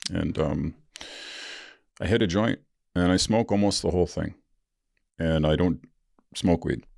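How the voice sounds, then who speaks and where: A man's voice: low voice, measured pace, creaky, a little mellow, no echo, studio quality. A man, a podcast host telling a personal story in a blunt, profane way with rueful laughs.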